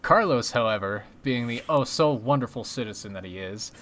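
A man chatting on a podcast with friends. His voice sits at an ordinary middle pitch, and he tells stories loosely, laughing often and swearing casually. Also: expressive, moderate pace, fairly bright tone, a little hiss or hum. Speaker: podcast co-host. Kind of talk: casual chat.

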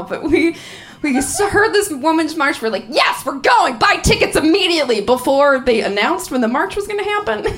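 A woman in her thirties doing a stand-up comedy set on stage, profane and animated, laughing through her punchlines. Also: on the high side. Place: comedy venue with a live audience.

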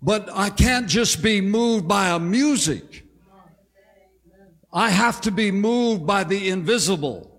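Older male pastor, high-pitched, unhurried, impassioned sermon in a reverberant hall. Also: lively intonation, a bit bright. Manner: impassioned preaching with drawn-out exclamations. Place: large conference hall.

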